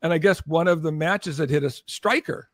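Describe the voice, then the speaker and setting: An older man spins a lively anecdote as a podcast guest, slipping into the voices of the people he quotes. His voice sits a little higher than most men's, and the recording is close and dry with no room sound. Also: a little fast, dry recording. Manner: animated, acts out quoted voices, keeps checking in with "okay?". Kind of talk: anecdotal storytelling in conversation.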